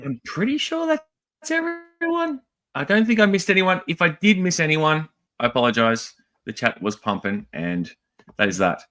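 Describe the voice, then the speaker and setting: A man's voice: medium pitch, moderate pace. An Australian man co-hosting a casual toy livestream, joking around and greeting people in the chat one after another. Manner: lively, jokey, rattling off greetings.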